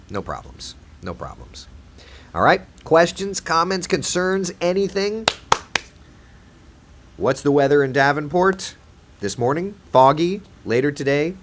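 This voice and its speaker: Chatty, animated male TV weatherman. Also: medium pitch. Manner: chatty and playful, reads viewer comments aloud. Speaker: TV meteorologist hosting a live chat. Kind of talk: casual live-stream chat with viewers.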